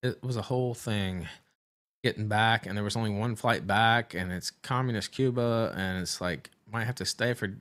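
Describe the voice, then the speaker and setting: Stream host, male, very low voice, halting and rambling, casual personal storytelling. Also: a bit bright. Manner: halting and rambling, with many fillers and restarts. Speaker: livestream host.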